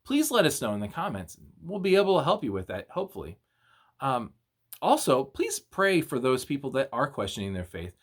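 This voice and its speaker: A young man, a youth minister, giving a casual video devotional and retelling a story in an animated, slangy way. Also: mid-range voice, fairly quick.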